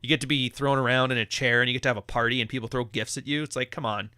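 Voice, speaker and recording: Male podcast host, forceful and profane, slightly high voice, dry close sound. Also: fairly even intonation, rapid-fire, smooth, no room sound. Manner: blunt, profane, laughing. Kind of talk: live podcast rant.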